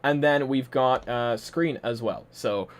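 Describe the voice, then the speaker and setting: A man's voice: mid-range voice, takes it slowly. A man from Poland with a mixed, partly Irish accent, casually chatting and rambling on a live stream with frequent laughs from a home room. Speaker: livestream host. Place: home room with a ring light.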